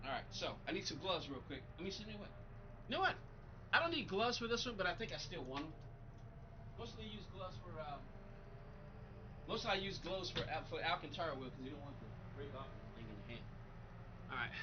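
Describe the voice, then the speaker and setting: A man's voice: on the high side, sing-song, a little fast, long pauses, muffled recording, noisy background. A man live-streaming a racing game, chatting loosely with his viewers, irritated and rambling, often repeating himself. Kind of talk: casual live-stream chat reading viewer comments.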